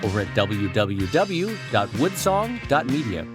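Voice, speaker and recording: A man's voice: medium pitch, very animated, music in the background. A man co-hosting a podcast in casual chat, playful and teasing. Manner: playful, teasing, quick-witted. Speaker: podcast co-host.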